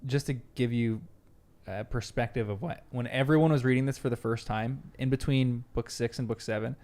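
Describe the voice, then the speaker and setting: A man with a slightly gravelly voice talks casually about a book with friends. He is animated, laughs often and slips into little quoted voices when he retells scenes. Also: medium pitch, normal speed. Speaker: podcast host.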